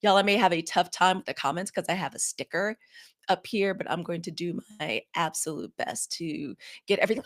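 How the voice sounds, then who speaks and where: A woman's voice: lowish voice, brisk. A woman in her fifties from Mississippi, hosting a live stream in a casual, effusive way and greeting viewers often. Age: 50s. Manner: warm, effusive greetings to viewers, lots of "y'all". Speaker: livestream host. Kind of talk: casual livestream chat. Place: home setup.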